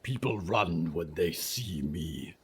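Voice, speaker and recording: A man voicing a rumbling frog-man of the lake. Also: animated, breathy edge, heavily acted. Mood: grave. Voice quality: rumbling, hissing, growling. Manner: slow, measured, formal speech. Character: towering male frog creature, grave and solemn.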